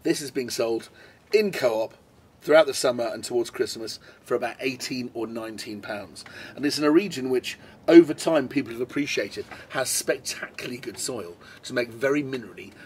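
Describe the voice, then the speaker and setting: A man's voice: mid-range voice, normal speed. A British man tastes wines on camera and talks through them in a chatty, eager way. His voice sits in the middle range. A faint noise runs under the recording. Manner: chatty and enthusiastic, tastes and comments as he goes. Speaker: wine presenter. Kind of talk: casual wine tasting video. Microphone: camera mic.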